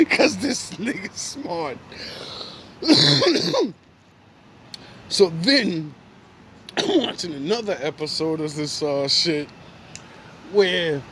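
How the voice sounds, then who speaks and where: Animated high-voiced man ranting, laughing. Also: gravelly, slight background noise. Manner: laughs often between lines, profane slang; animated, mocking. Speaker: vlogger. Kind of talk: casual rant to camera.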